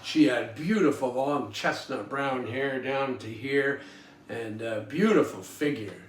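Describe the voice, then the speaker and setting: A man's voice: medium pitch, a little slow. A man, hosting a podcast and telling folksy, rambling stories with chuckles and fillers. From Toronto, Canada. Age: 70s. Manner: folksy, chuckling, lots of ums and uhs. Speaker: podcast host. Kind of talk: rambling personal storytelling. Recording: roomy sound from a distant mic, faint guitar music.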